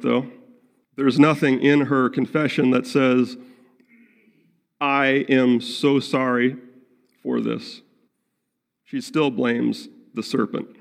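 Gravelly-voiced pastor preaching in a hall. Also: male voice, mid-range voice. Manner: earnest, acts out prayers and quotes in his own voice. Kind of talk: sermon. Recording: long reverb of a large hall.

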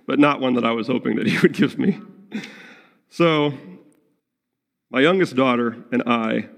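Pastor guy preaching, gravelly voice, big hall reverb, earnest. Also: medium pitch. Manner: earnest, acts out prayers and quotes in his own voice. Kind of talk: sermon. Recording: long reverb of a large hall.

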